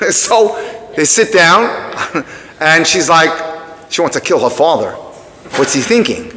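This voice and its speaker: Animated man telling a story in a hall. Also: a little high, takes it slowly. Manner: animated storyteller, digresses to address the room. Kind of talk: storytelling talk to a live audience. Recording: long reverb of a hall.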